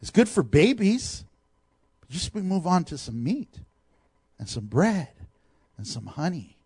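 A middle-aged man preaching a sermon, animated, with laughs and asides to the congregation. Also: medium pitch, breathy edge, dry recording. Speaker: pastor.

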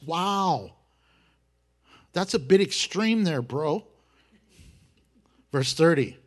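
A man's voice: fairly high pitch, sing-song, slow, long pauses, slightly rough. A male pastor teaching verse by verse through a Bible passage, in a conversational way with wry asides.

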